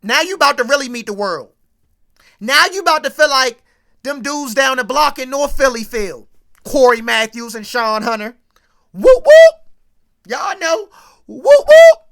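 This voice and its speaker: A woman recapping a sitcom episode in an animated, slangy, comic rant. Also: sits high. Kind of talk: casual comedic rant.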